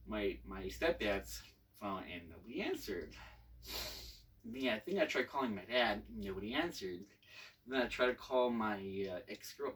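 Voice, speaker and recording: A man's voice: medium pitch, a bit bright, distant mic, low-quality recording. A man hosting his channel, telling a casual story about his service with many fillers and restarts. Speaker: channel host, Navy veteran.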